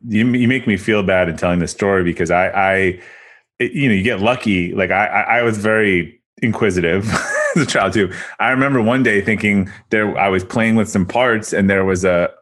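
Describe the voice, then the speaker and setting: Man with a very deep voice. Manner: relaxed, halting, with many restarts. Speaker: podcast host. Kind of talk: casual interview chat.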